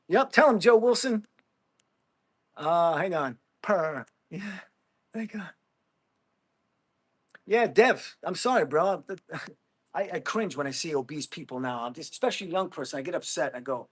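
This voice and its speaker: A man's voice: on the high side, animated, unhurried, pauses often, slightly rough. A middle-aged man hosting a casual livestream, bluntly chatting with viewers and calling them bro. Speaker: livestream host. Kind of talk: casual livestream chat, reading comments.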